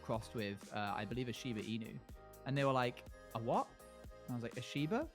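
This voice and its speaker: A streamer, telling stories in a laid-back, soft-spoken way during casual chat. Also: mid-range voice, steady tone, fast, faint music behind.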